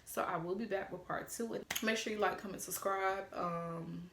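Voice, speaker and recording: A woman's voice: mid-range voice, steady tone, normal speed, fairly bright tone, roomy sound. A woman in her twenties telling a casual storytime vlog, blunt and sassy and swearing freely. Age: 20s. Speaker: storytime vlogger.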